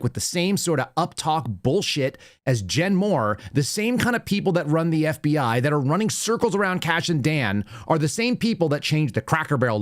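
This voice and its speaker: A man hosting a political commentary show, talking in a ranting, sarcastic way. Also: a little high. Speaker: show host.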